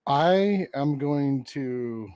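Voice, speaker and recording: A man playing a tabletop game who states his moves in a deliberate, matter-of-fact way. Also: mid-range voice, expressive, mellow, smooth, no echo. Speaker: player. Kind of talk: casual tabletop game chat.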